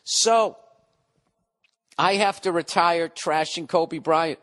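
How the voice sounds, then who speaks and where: A man's voice: on the high side, takes it slowly, fairly bright tone. A man in his forties hosting a podcast, ranting casually with lots of profanity and rambling restarts. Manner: profane, rambling, mock-exasperated. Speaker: podcast host. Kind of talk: casual comedic rant.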